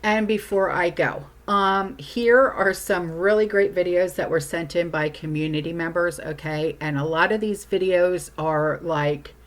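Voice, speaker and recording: A woman's voice: fairly low pitch, fairly even intonation, unhurried, few pauses. A woman hosting her channel, talking casually through news items and often checking in with "okay?". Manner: chatty, frequent "okay?" check-ins. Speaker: channel host.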